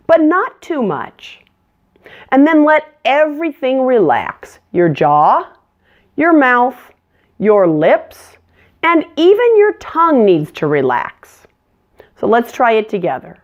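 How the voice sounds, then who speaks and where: Slow, lively-voiced woman teaching pronunciation. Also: a little high, highs cut off. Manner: clear, deliberate modeling of words. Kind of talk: scripted pronunciation lesson.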